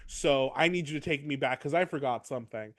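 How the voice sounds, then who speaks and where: A man's voice: medium pitch, brisk. A man co-hosting a podcast, recapping a book chapter in casual, rambling chat and acting out quotes from the characters. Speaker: podcast co-host.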